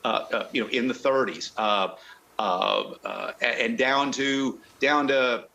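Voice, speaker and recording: A man's voice: mid-range voice, animated, gravelly, sharp tone, slight background noise, poor audio. A man talking as a car club guest on a video call. He rambles and halts, restarting his sentences often. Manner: rambling, halting, with many restarts. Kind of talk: casual chat.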